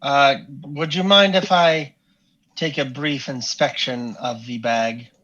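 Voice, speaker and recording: A stiff, formal adventurer, played by a man, who talks very slowly and with great care. The voice is bright and edgy, and it comes through a dull lo-fi mic with a little faint noise underneath. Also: mid-range voice, fairly even intonation, pitched below the performer's own voice. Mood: measured. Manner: slow, measured, formal speech.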